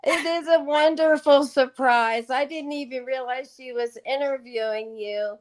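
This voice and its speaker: A woman with a high voice speaks slowly and warmly, gushing to a friend she has missed. She talks in an easy, casual way. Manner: affectionate, slow and gushing. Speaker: surprise guest. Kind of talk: casual chat.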